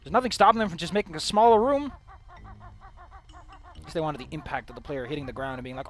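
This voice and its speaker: A man's voice: fairly high pitch, quick pace, long pauses, fairly bright tone, faint music behind. A man giving casual, sarcastic commentary while streaming a video game and joking with his chat.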